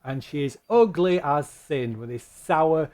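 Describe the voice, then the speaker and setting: A man running a tabletop game as game master, narrating in a rambling, halting way. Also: a little high, lively intonation, a little mellow.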